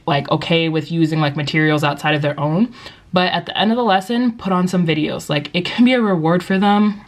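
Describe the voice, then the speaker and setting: A young woman who teaches English, giving casual advice in a vlog, chatty and upbeat with lots of likes and you-knows. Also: fairly low pitch. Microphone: compact vlogging camera.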